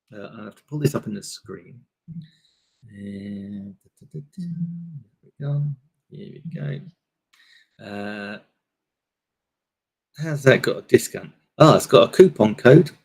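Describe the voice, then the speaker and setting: A man's voice: on the low side, darkish tone, breathy edge. A man hosting a casual live stream, rambling through products with lots of fillers into a desk microphone. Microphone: desk microphone on a table stand.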